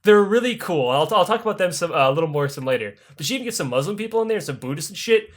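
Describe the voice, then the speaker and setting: A man tells history as a comic story on a podcast, crude and irreverent. His voice sits fairly high and swings around a lot as he gets worked up. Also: racing. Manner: crude, animated, swearing freely. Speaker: podcast host.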